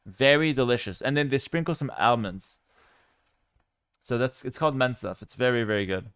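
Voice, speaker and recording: A man talks loosely to his stream, relaxed and rambling, with plenty of fillers. His voice is smooth and resonant, mid-pitched. The sound is dry and close to a desk mic. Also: moderate pace, dry recording. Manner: relaxed and chatty, with frequent fillers. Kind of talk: casual livestream chat.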